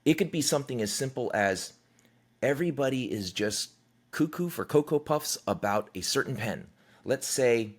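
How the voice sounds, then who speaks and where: A man's voice: lowish voice, expressive, a little fast. A middle-aged man hosting a solo podcast, talking in a candid, conversational way, swearing freely and acting out quotes. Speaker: podcast host. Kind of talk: casual solo podcast monologue.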